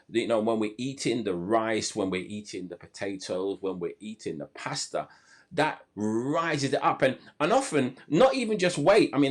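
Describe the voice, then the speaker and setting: A man hosting a live health podcast over a video call, talking enthusiastically and often restarting his sentences. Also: medium pitch. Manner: enthusiastic, many restarts and fillers. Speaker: podcast host.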